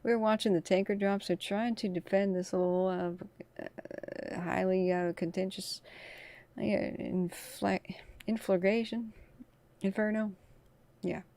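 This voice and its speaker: Gravelly-voiced woman hosting a livestream. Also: medium pitch, fairly even intonation, slow, a little mellow. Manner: chatty, talks through radio traffic. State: tired from little sleep. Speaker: wildfire livestream host. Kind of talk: casual live commentary.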